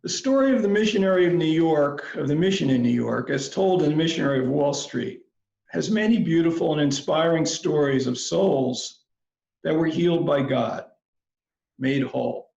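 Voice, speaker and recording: A man giving a commencement address, telling a story in a slow, measured, reflective way. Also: on the high side, animated, creaky, darkish tone. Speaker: commencement speaker. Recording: roomy, slightly dull recording.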